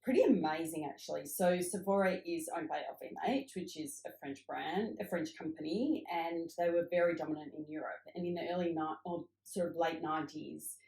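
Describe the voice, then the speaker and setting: A woman's voice: low-pitched, brisk, gravelly, hardly any pauses, darkish tone. A middle-aged woman, a cosmetics founder, telling upbeat stories from her career in a casual interview. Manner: reflective storytelling, upbeat. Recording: echoey room.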